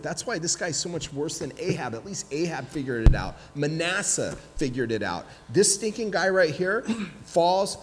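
Pastor preaching in a reverberant hall. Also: male voice, on the high side, normal speed, a little hiss or hum. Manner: animated storytelling, acts out voices with humor. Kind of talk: sermon.

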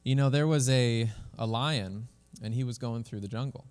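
A man's voice: medium pitch, moderate pace, darkish tone, smooth. A male pastor preaching a sermon in a church in a casual, conversational way, often restarting his phrases. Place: church sanctuary. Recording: long hall reverb.

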